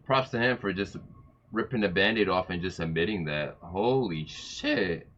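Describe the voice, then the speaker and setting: A young man reacting in casual chat, excitable, using slangy and profane language. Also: low voice, normal speed, dull audio. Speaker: co-host reacting.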